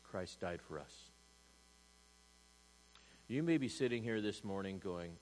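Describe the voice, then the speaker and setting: A man pastor preaching a sermon to a church congregation, swinging from loud emphasis to hushed asides and asking rhetorical questions. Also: low voice, lively intonation, takes it slowly, pauses often, rough recording. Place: church service.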